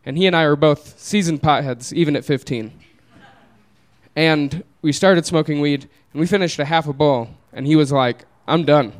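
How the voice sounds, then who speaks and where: Laid-back guy doing live storytelling, kinda highish voice, smooth and clear, keeps laughing at his own story. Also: normal speed. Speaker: comedian telling a story on stage. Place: small live venue.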